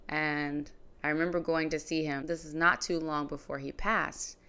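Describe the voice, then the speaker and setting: A woman hosting a podcast, reflectively retelling a personal story in a conversational way, her phrases often trailing off softly. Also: low voice, little pitch movement, moderate pace, clear, resonant tone. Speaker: podcast host.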